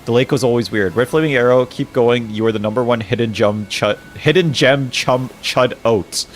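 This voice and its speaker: A man streaming games live who keeps reacting in exasperated outbursts, swears and restarts when flustered, and drops into low mumbled reading of game text. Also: normal speed, few pauses, a little hiss or hum.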